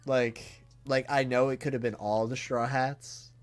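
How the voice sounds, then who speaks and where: Slow, awestruck man live-reacting. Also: medium pitch, little pitch movement, soft background music. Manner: awestruck and halting, with many trailing restarts; emotional and earnest. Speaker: streamer reacting to a comic chapter.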